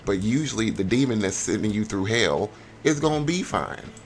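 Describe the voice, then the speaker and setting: A young man giving casual, slangy commentary on a life-sim game, animated and given to sudden high squeals. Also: moderate pace. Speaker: gameplay vlogger.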